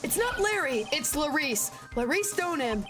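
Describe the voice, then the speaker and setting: A goofy, excitable young man in a game who shouts his lines in a high voice. Game music plays clearly behind. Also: normal speed, recorded from a distance. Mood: frantic.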